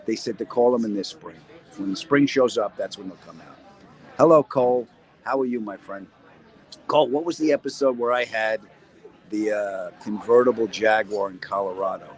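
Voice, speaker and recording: A man's voice: on the low side, moderate pace, rough recording. A middle-aged man, a comedian and actor, rambling and joking through a casual live-stream chat from a cold cellar, answering viewer questions. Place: cold cellar corner, indoors.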